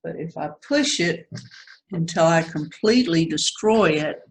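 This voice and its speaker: A woman demonstrates watercolor painting for beginners, talking unhurriedly as she works. She thinks aloud, second-guesses her strokes, and reassures her students in a relaxed, chatty way. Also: low voice, measured pace, poor audio. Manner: chatty, self-critical, reassuring. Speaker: watercolor teacher.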